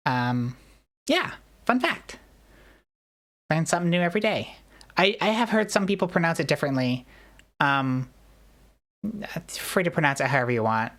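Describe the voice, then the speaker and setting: A woman's voice: low-pitched, expressive, fairly quick, fairly bright tone. A woman streamer in casual chat, rambling and joking at her own expense. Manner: rambling, self-deprecating, jokey.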